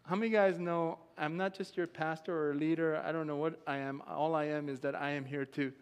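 Man, pastor, fairly high voice, emphatic sermon, long church reverb. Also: fairly even intonation, brisk, smooth. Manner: emphatic, swings to loud shouting. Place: church sanctuary.

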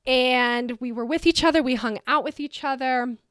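A woman in her thirties from the United States hosts a personal podcast, recorded close and dry. Her voice sits a bit high. She talks in a chatty, emotional stream full of "like" and small restarts. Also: moderate pace, a bit bright, smooth, no echo. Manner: chatty, emotional, heavy use of "like". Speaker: podcast host. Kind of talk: personal storytelling.

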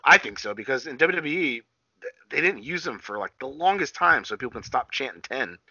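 A man's voice: medium pitch, fairly quick, slightly rough, no echo. A young man co-hosting a casual podcast, swearing freely and acting out what people said. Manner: animated, swearing, acts out quotes. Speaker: podcast co-host. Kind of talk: casual wrestling chat. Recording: dull, lo-fi dry sound.

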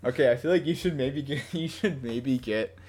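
A young man co-hosting a casual podcast, talking in a rambling, halting way and laughing often. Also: medium pitch, a little mellow, husky. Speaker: podcast co-host. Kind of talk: casual chat.

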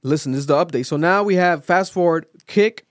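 A male podcast host in casual chat, telling a story with lively acted-out quotes and plenty of swearing. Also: a little high, brisk, no echo, studio quality. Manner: animated storytelling, acts out quotes, swears freely.

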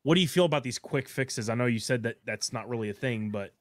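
A man's voice: mid-range voice, fast talker, dry recording, clean studio sound. A man hosting a podcast, asking long, loose questions full of fillers and restarts. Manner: asks long questions with fillers and self-corrections. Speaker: podcast host. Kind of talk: casual podcast chat.

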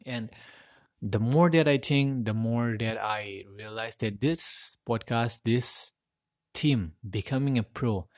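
A man's voice: mid-range voice, takes it slowly, darkish tone, dry recording, studio quality. A man hosting a solo podcast, recorded on a USB mic plugged into his phone, rambling and repeating words as he searches for them. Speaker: podcast host.

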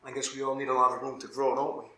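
A man's voice: mid-range voice, level tone, very fast, sharp tone. A man, a pastor, teaching a Bible study in an informal, conversational way and often asking his listeners "right?". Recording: echoey room.

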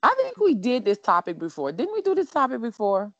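A middle-aged woman co-hosting a casual chat, telling stories in an emotional, animated way. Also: on the high side, brisk, no room sound, muffled recording. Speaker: co-host.

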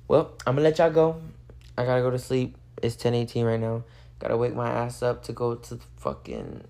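An eighteen-year-old host rambles through a late-night solo podcast rant recorded on a phone. The talk is loose and profane, packed with "like" fillers, and comes from someone who is a little high. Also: vocal fry. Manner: rambling, profane, heavy use of "like".

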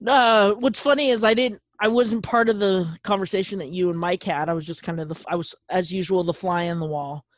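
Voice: mid-range voice, fairly even intonation, a little fast, few pauses, dry recording. A podcast producer joining the chat remotely, easygoing, supportive and a bit hesitant. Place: remote, online.

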